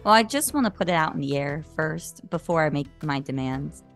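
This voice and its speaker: A woman's voice: sits low, lively intonation, fairly quick, soft background music. A woman playing a tabletop role-playing game, speaking bluntly as a player and her character.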